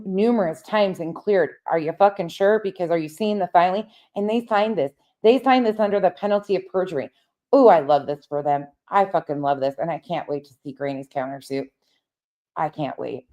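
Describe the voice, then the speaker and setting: This livestream host has a lowish, mellow voice. Pacing around late at night, she reads chat and addresses viewers directly in a casual way, frequently cursing and growing heated.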